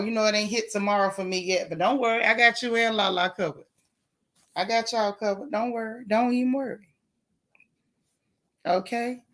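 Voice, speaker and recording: Lady doing a late night gossip stream, low-key hushed chat, shouting out viewers. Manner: chatty, greeting viewers by name, Southern Black vernacular; hushed, talking low like whispering. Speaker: gossip channel host.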